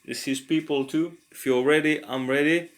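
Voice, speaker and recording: A man talking through a language lesson in a casual, halting way, pausing often to think aloud with fillers. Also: fairly high pitch, steady tone. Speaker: language learner and tutor.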